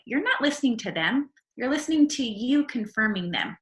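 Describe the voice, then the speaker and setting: A woman's voice: high-pitched, a little fast, hardly any pauses, fairly bright tone, reverberant. A woman giving an earnest, encouraging mindset talk on a video call, repeating her key phrases. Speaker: network marketing leader.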